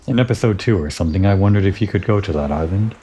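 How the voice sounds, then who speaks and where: A man giving relaxed, musing commentary over a game playthrough, thinking aloud and talking to the character he plays. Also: low voice, quick pace, a little hiss or hum. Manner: musing, talks to himself and the character. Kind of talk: relaxed let's-play commentary.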